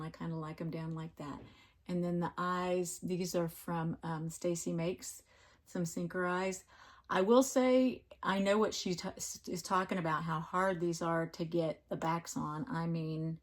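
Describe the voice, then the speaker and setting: Woman vlogger, low-ish voice, rambling home craft chat. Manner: chatty, rambling, fond of her crafts. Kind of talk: casual chat.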